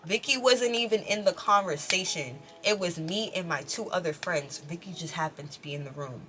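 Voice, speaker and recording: A woman in her twenties tells a story to camera in a lively, slangy and profane way. Her voice is low-pitched but bright and forceful, and faint music plays behind her. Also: moderate pace, few pauses. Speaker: vlogger. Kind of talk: casual storytelling vlog.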